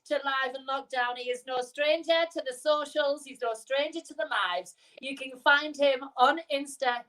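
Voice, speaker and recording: A woman's voice: high voice, normal speed, fairly bright tone, low-quality recording. A British woman co-hosting a casual live stream over a video call, cheeky and bubbly, laughing often. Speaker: co-host.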